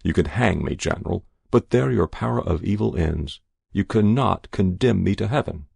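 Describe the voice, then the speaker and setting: A man voicing a captured spy who reasons calmly about death in an audiobook reading. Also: low voice, creaky, slightly rough, no room sound, studio quality, heavily acted. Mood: calm, reasoning. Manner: measured, reasoning, then pleading. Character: calm, philosophical male captured spy.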